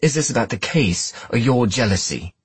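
A man voicing a proud, sharp-tongued young woman detective with a clipped, scornful delivery in an audiobook. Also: medium pitch, animated, moderate pace, husky, no echo, pitched above the performer's own voice. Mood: cold, cutting. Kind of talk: audiobook character voice.

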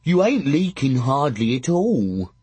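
A man voicing a gentle, simple-minded fool in an audiobook, talking plainly and rustically. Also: mid-range voice, big pitch swings, measured pace, breathy edge, no room sound, full character voice. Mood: comforting. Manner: rustic, plain-spoken comforting. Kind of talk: audiobook character voice.

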